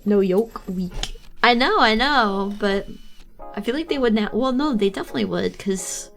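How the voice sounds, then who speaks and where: Young woman, streamer, rambling casual chat, snarky and teasing, laughs often, soft music in the background. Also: medium pitch, lively intonation, normal speed, gravelly.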